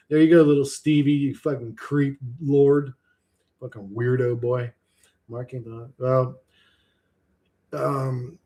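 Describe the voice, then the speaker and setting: A man's voice: mid-range voice, dark tone. A man ranting on a livestream in a casual, rambling, sardonic way, swearing freely.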